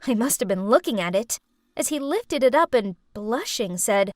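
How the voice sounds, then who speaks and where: A woman's voice: on the high side, animated, normal speed, dry recording, studio quality. A woman telling a scripted first-person storytime in a chatty, dramatic teen persona. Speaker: storytime narrator.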